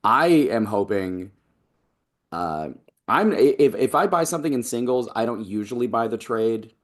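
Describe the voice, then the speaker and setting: A man's voice: medium pitch, expressive, moderate pace. A man on a casual comics chat, talking hesitantly with many fillers and restarts.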